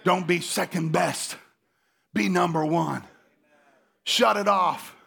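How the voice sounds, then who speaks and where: A middle-aged man preaching a lively sermon in a church, joking and repeating phrases, swinging between hushed asides and shouts. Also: high-pitched, slow, creaky, slightly rough. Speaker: pastor. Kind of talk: energetic sermon.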